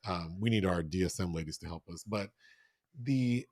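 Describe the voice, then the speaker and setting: A man co-hosting a film review chat in a fairly low voice, swinging between laughter and mock outrage. The recording is dry and close, with no room sound. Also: normal speed, no room sound. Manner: animated, laughing, exaggerated outrage. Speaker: podcast co-host.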